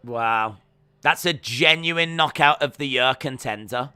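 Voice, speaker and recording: A man hosting a live watch-along stream, reacting to fights with excited shouts and exclamations. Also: mid-range voice, measured pace, smooth.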